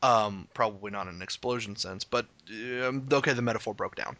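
A man from Arkansas co-hosting a casual chat, excitable and profane, laughing often. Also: on the low side, a little fast, dry recording. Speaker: podcast co-host.

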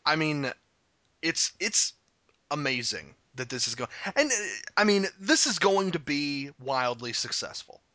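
A man from Arkansas talks in a casual podcast chat, excitable and quick to swear and laugh. His voice is bright and forceful, recorded close and dry with no room sound. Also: fairly high pitch, no echo. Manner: excitable, profane, laughs often. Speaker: podcast co-host.

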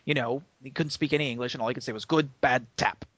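A man's voice: medium pitch, racing, dry recording. A man co-hosting a podcast in casual chat, telling stories with enthusiasm. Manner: animated storyteller, enthusiastic. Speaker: podcast co-host.

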